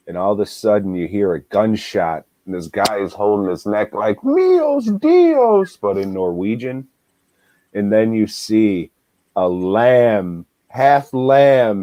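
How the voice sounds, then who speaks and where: Give me a relaxed man reviewing movies on a podcast, slow and unhurried, dry close sound. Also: on the low side, no echo. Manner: laid-back, swears a lot, laughs while retelling. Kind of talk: casual movie review chat.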